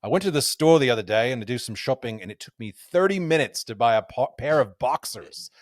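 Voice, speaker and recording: A man's voice: mid-range voice, expressive, brisk, no echo, clean studio sound, natural voice. Man doing a shaky Scottish golfer accent. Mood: bemused. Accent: Scottish, slipping toward Australian. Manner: clumsy put-on accent. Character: newly famous Scottish male golfer.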